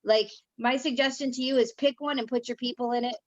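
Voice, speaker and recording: A woman's voice: a little high, steady tone, fairly quick, no room sound, highs cut off. A woman co-hosting a round-table chat over a video call, talking with enthusiasm and laughing easily. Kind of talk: casual chat.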